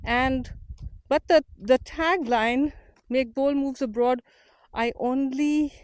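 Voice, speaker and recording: A woman's voice: a little high, darkish tone, no echo. A woman from India hosting an unedited walk-and-talk vlog outdoors, earnest and motivational, a little out of breath from walking uphill. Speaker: community founder and host. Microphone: small portable mic.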